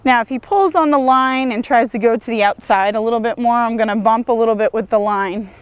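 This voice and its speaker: A woman horse trainer calmly demonstrating lunge work outdoors, encouraging and steady as she explains each step. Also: a little high, brisk, smooth, no room sound. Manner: calm, encouraging, praises the horse often. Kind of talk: instructional demonstration.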